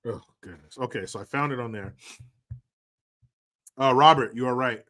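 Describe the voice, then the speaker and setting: A man in the middle of a loose vlog rant, his pitch sitting right in the ordinary middle range. He talks bluntly and swears freely, circles back on himself and throws sarcastic asides at the viewer. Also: normal speed, pushed and bright. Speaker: vlogger. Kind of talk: profane casual commentary rant.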